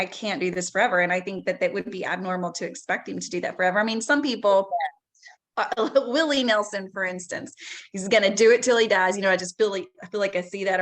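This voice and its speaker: Woman host, mid pitch, chatty, reads quotes aloud on a casual podcast. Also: fairly bright tone. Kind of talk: casual chat.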